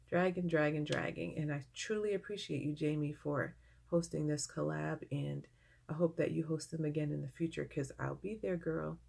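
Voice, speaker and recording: Low-voiced gushing woman vlogger. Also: creaky, darkish tone. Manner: gushing, emotional. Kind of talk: casual vlog update.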